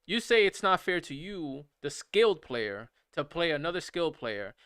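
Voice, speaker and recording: Bright-voiced ranting man. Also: fairly high pitch, clear, resonant tone, no room sound, studio quality. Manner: incredulous, repetitive, animated. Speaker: gaming streamer. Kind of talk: casual rant while playing.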